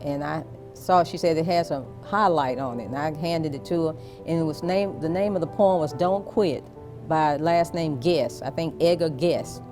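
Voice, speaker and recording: A woman being interviewed, telling a personal family story in a slow, soft, reflective way. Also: deep voice, music in the background.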